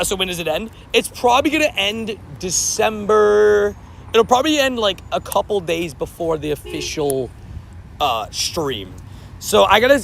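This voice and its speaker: A high-voiced man with a gravelly edge runs a live stream outdoors. He chats loosely with his viewers, rambling and laughing easily. Faint traffic noise hums behind him. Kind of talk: casual live-stream chat.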